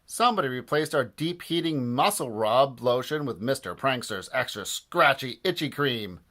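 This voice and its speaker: A man voicing an upset football coach who shouts a complaint across the field. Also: expressive, normal speed, natural voice. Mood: indignant. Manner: shouting, high and indignant.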